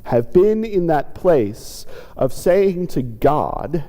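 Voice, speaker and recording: Guy preaching a thoughtful sermon, fairly high voice, echoey sanctuary. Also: sing-song, extremely slow, mellow. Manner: reflective, acts out quoted pleas with lifted pitch. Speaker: pastor. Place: church sanctuary. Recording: church sanctuary with long reverb.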